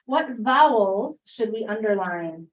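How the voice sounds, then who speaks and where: A woman teaching a phonics lesson in a classroom, briskly prompting students with questions and quick praise. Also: mid-range voice, lively intonation. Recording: distant classroom mic.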